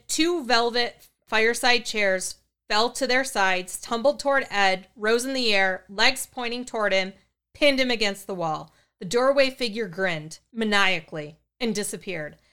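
A woman's voice: on the high side, a little slow, sharp tone, smooth. A woman narrating a true paranormal story in a matter-of-fact way.

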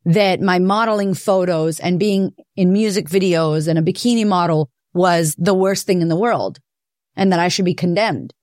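A woman hosting a podcast, telling her own story in a candid, profane, animated way. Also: lowish voice, moderate pace, no room sound, clean studio sound. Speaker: podcast host. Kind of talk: personal confessional monologue.

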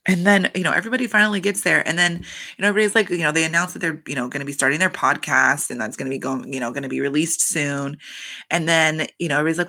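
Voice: mid-range voice, quick pace, gravelly, sharp tone. A reality TV recap host talking in a casual, chatty, profane way, full of fillers.

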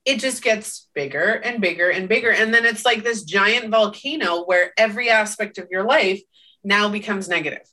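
Woman co-host, bright and emphatic, casual podcast talk, recorded a bit off-mic. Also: mid-range voice, normal speed, recorded from a distance. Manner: emphatic, tags statements with "right?".

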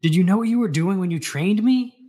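A man's voice: brisk, mellow. A man voicing an overwhelmed, bitter young man as he reads a novel aloud. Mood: intense. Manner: read aloud from a novel with raised pitch.

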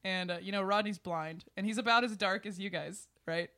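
A woman, telling a road story in casual podcast chat, animated and laughing as she acts out the people in it. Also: medium pitch, brisk. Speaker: podcast guest, musician.

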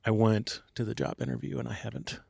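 A man's voice: mid-range voice, steady tone, fast talker, gravelly, dark tone, slightly rough, dry recording. A man chatting casually on a podcast with short, laid-back remarks.

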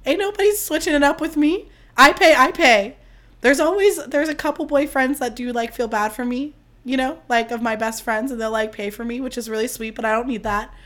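A woman hosting her podcast solo, chatting casually and mocking herself, her voice strained and squeaky. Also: fairly even intonation, brisk, hardly any pauses. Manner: chatty, self-mocking, swears freely. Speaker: podcast host.

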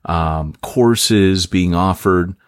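A man's voice: sits low, drawn-out words, dry recording, clean studio sound. A man co-hosting a podcast, talking animatedly and joking, laughing often. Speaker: podcast co-host and author. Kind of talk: casual podcast chat. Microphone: remote call.

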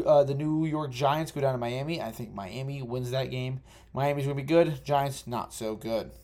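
Rambling, cursing young man with a mellow voice. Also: mid-range voice. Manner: rambling, profane, self-correcting. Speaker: podcast host. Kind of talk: casual solo sports podcast. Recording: uneven home audio.

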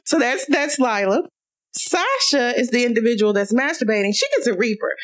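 A woman co-hosting a podcast, talking in an animated, outspoken way and laughing often. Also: on the high side, normal speed, rough recording. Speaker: podcast co-host. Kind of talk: casual podcast chat.

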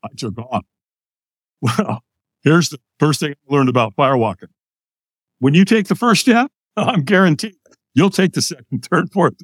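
An older American man, a podcast guest, telling a personal story in an animated way and acting out the lines of other people. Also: fairly high pitch, moderate pace, no room sound, clean studio sound. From United States.

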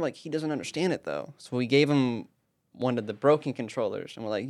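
A man's voice: mid-range voice, lively intonation, normal speed. A man with an ordinary mid-range voice co-hosts a laid-back sibling podcast. He tells childhood stories in an easygoing way, restarting his sentences as he goes. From United States. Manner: easygoing, rambling recollection with restarts. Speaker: podcast co-host. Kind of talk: casual sibling podcast chat.

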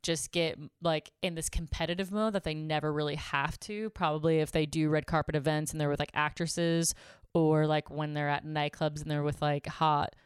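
A woman in her thirties co-hosts a podcast, casually telling blunt, candid stories and saying "like" a lot. Her voice is low with a level tone at normal speed, clean and dry, recorded in studio quality.

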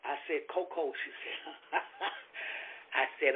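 A middle-aged woman with a husky voice telling her testimony on a Christian radio program, animated and emphatic, laughing often. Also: mid-range voice, slow, pauses often. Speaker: guest speaker giving a testimony. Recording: tinny phone-line radio recording.

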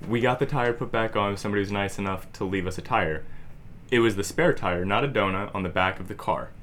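A man's voice: fairly low pitch, a little fast, fairly bright tone, slight background noise. A man co-hosting a podcast, telling a long story casually with lots of "like" fillers. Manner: rambling, heavy use of "like". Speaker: podcast co-host.

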